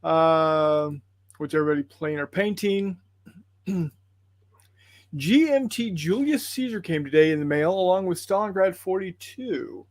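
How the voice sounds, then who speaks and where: A man with a twang hosts a tabletop gaming livestream, reading out viewer comments in a rambling, folksy way full of "uh" and "um." His voice sits fairly high for a man. The sound is dry and close, with no room echo. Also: a little slow. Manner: rambling, apologetic, folksy with fillers.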